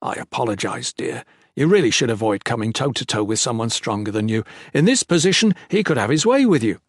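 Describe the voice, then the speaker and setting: A man's voice: medium pitch, lively intonation, a little fast, breathy edge, dry recording, clean studio sound. A man playing a cocky, teasing young nobleman. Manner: mock-stern, teasing. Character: strong, cocky young nobleman, playful husband. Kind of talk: audiobook character voice.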